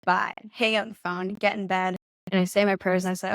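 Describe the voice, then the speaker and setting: Young woman with a gravelly, dry voice. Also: medium pitch, little pitch movement, brisk, dry recording. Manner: chatty, full of "like" and reenacted quotes. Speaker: podcast guest. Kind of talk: casual storytelling conversation. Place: in-person podcast studio.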